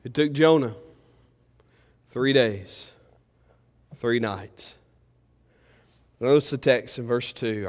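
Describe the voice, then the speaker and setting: A man's voice: takes it slowly, long pauses. Preaching man in a reverberant hall. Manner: swings between loud urgent pleas and quiet low reflection. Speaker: pastor. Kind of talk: sermon. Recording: church hall with long reverb.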